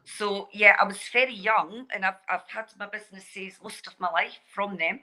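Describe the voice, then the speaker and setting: A woman's voice: medium pitch, moderate pace, pushed and bright, poor audio. A Scottish woman in her forties, chatting as a guest over a mobile phone and laughing easily. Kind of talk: casual call-in chat. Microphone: mobile phone over wireless.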